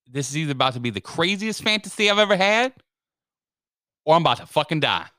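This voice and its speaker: A man's voice: a little high, fast talker, dry recording, clean studio sound. A man telling a funny story in casual chat, swearing and acting out what everyone said. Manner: animated, swearing storyteller who acts out quotes.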